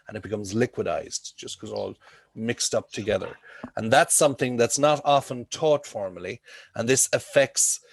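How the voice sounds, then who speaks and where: Male teacher, mid-pitched voice, dry sound on a video call; explains patiently, checks in often. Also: dry recording. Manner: explains with homely comparisons, checks in with frequent "okay?". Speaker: English teacher. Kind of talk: online class teaching.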